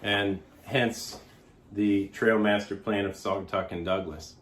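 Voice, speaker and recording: Middle-aged male presenter, slightly low pitch, informal and rambling, keeps correcting himself. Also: fairly even intonation, fairly bright tone, a little hiss or hum. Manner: rambling, pauses often to restate himself. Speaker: local resident presenting a trail plan.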